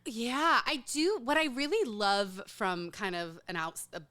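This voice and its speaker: A woman in her thirties chatting as a podcast guest, playful and quick to joke. Her voice is bright and lively, swooping up when she teases. She talks in a loose, animated way. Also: a little high. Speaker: podcast guest, comedy writer. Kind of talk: casual chat.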